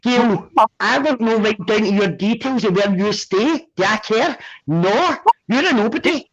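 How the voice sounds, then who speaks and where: A woman's voice: medium pitch, animated, unhurried. A Scottish woman taunting and mocking someone in a sweary livestream argument. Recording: dull lo-fi stream audio.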